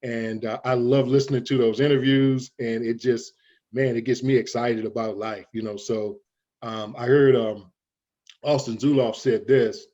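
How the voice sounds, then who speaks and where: A man's voice: medium pitch, steady tone, a little slow, warm tone, lo-fi sound. A man as an interview guest giving folksy, preachy motivational talk, often calling his listeners "guys".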